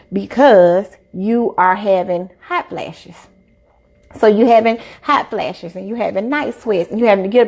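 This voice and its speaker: A woman, a doctor chatting casually on a live stream and acting out quotes as she tells stories. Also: medium pitch. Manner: animated storyteller, acts out quotes. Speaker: doctor giving health advice.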